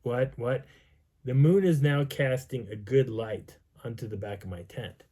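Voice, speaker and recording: A man recounts a strange night with an animated storyteller's delivery, his pitch swinging widely. His voice is mellow and slightly husky. He breaks into the sounds and voices he describes. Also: moderate pace. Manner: lively, acts out sounds and dialogue. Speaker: vlogger telling a field story.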